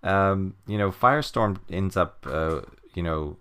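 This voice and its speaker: A man's voice: sits low, measured pace, pushed and bright, smooth. A man co-hosting a comic book podcast in casual chat, rambling with lots of fillers and frequent chuckles.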